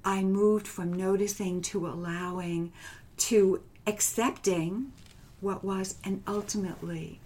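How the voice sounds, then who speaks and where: A woman with a mid-range voice speaks softly and reflectively as an interview guest, recounting personal experiences. Her delivery is gentle, often sinking into a hushed whisper, with light laughter. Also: mid-range voice, fairly even intonation, slow. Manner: soft-spoken, often drops into a hushed whisper. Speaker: guest, transformational coach. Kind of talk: heartfelt personal storytelling interview.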